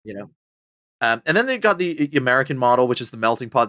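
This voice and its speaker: Male author-guest, mid pitch, lively and chatty, dry close podcast mic. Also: fast talker, no room sound. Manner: animated, chatty, full of fillers and pitch jumps. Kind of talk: casual conversational interview.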